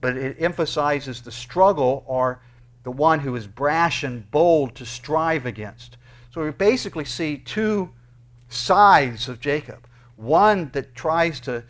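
A man's voice: medium pitch, fairly bright tone. Man preaching an earnest sermon. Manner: earnest preaching with rising emphatic bursts. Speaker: pastor.

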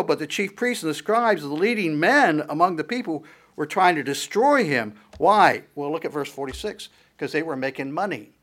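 A middle-aged pastor preaching a sermon, building his points through repeated rhetorical questions and a steady preaching cadence. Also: on the high side.

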